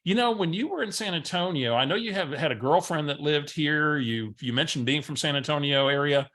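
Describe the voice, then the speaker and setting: A woman's voice: sits low, a little fast, fairly bright tone. Field: figure. Sex: woman. Figure: chatty Texan caller a man puts on. Quality: Texas twang. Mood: friendly, chatty.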